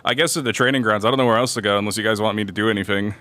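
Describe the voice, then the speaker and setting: A man with a low, bright voice speaks in character during a roleplay stream. He mumbles and hesitates, filling gaps with short sounds. Faint music plays behind him. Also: fairly even intonation, rapid-fire.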